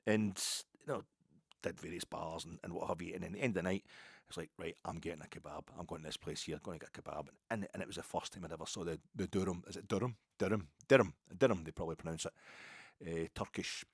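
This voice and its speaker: Brief: middle-aged Glasgow man, low voice, dry close sound, rambling jokey football chat. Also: steady tone, fast talker, slightly rough, dry recording. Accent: Glaswegian Scottish. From Scotland. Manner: rambling, jokey, many asides and restarts. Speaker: football podcast host. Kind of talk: casual storytelling chat.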